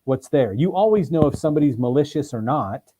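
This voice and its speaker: A man with a slightly rough, mid-range voice speaks a little fast on a rough recording. He's a sales trainer giving an animated, emphatic lesson as an interview guest on a video call, voicing examples as he goes.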